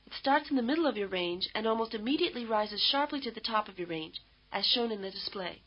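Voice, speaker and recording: A woman giving measured, explanatory scripted narration for a language course. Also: on the high side, expressive. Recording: dull lo-fi course audio.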